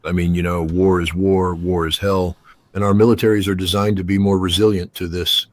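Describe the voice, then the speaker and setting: A man's voice: low-pitched, flat delivery, a little fast, dry recording. An older man from the United States, a guest commentator giving blunt, emphatic political analysis with many "you know" fillers. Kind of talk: opinionated geopolitical analysis.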